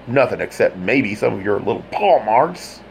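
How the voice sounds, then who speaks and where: A man voicing an indignant, hot-tempered young man who rants and shouts, his pitch climbing high. The voice swings widely and carries a gravelly rasp, with a faint hum of ambience behind it in this audiobook. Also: very animated, normal speed.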